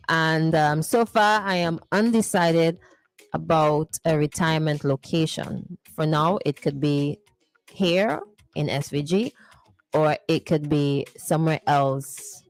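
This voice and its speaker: A woman hosting a morning radio show, playfully reading listener messages and teasing them. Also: low-pitched. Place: radio studio.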